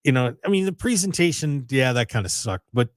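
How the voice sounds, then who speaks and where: A man hosts a radio show with a lively, animated voice that rises and falls a lot. He tells stories and teases his co-host. The sound is dry and close to the mic. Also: medium pitch, brisk, no room sound. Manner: lively, teasing, animated storytelling. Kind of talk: casual radio chat.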